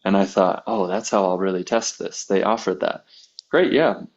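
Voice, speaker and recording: Guy with a lowish voice chatting on a podcast, kinda muffled lo-fi sound. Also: steady tone, moderate pace. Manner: conversational storyteller, acts out quoted dialogue. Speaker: podcast guest, massage therapist. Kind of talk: casual conversation, personal storytelling.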